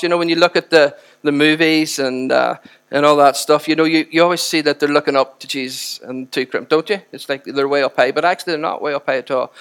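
A man preaching a sermon with impassioned, animated emphasis. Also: on the high side, smooth.

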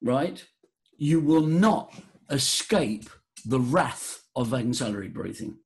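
A man talking as a voice coach guest in a podcast interview, leading a breathing exercise in a theatrical, animated way. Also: takes it slowly. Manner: animated, theatrical, jumps high for emphasis.

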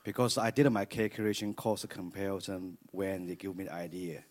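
A man from China with a Chinese accent, telling his story on stage in halting English and laughing often. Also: low-pitched, little pitch movement, darkish tone. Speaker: church guest. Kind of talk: on-stage testimony interview.

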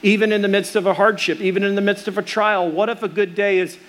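A man's voice: high voice, steady tone, quick pace. A middle-aged man preaching a sermon, earnest and storytelling, with restarts and fillers. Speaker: pastor.

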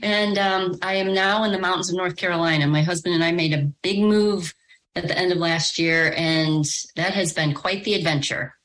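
A middle-aged woman with a faint Chicago accent and a notably low voice. She talks in a warm, chatty way as a podcast guest, often restarting her sentences. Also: steady tone, moderate pace. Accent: slight Chicago. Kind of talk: casual conversational interview.

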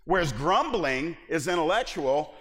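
A middle-aged man pastor preaching a sermon in a church, animated and humorous, acting out little scenes as he goes. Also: fairly high pitch, a little slow, in a large hall.

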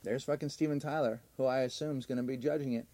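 A man co-hosting a podcast, telling stories in animated, profane, casual comedy chat. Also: medium pitch, fast talker. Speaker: podcast co-host.

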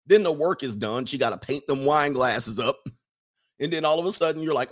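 A man's voice: a little high, brisk. Male commentator, casual monologue, colloquial, leans on "all right," mocking impressions. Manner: animated, mocking impressions, frequent laughs.

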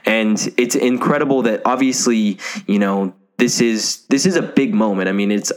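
A man's voice: on the low side, normal speed. A young man casually discussing a film as a podcast co-host, enthusiastic and openly teary. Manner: enthusiastic, emotional, laughs often. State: teary, getting emotional.

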